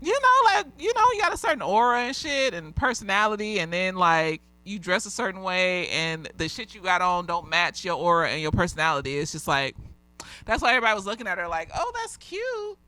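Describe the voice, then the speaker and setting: Lively, frank woman chatting a TV review. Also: fairly low pitch, brisk, dry recording. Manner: candid, profane and chatty, laughs often. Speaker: therapist reviewing a TV episode. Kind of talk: casual tipsy review chat.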